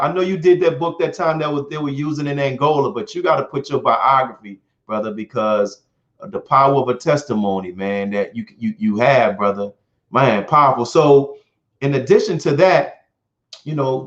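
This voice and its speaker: A man's voice: mid-range voice, a little fast, fairly bright tone, muffled recording. A man hosting an interview who stammers a little and calls his guest "brother" as he asks questions. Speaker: host.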